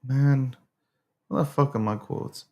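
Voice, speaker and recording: A man hosting his own casual livestream show, rambling and profane, quick to get worked up. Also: fairly even intonation. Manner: rants loudly with sharp pitch jumps. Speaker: host.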